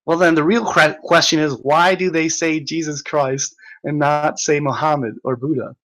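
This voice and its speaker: A man's voice: fairly high pitch, steady tone, normal speed, a bit bright, rough recording. A young man hosting a livestream, reading the chat aloud and ranting at commenters with a mocking, exasperated manner, laughing often and swearing.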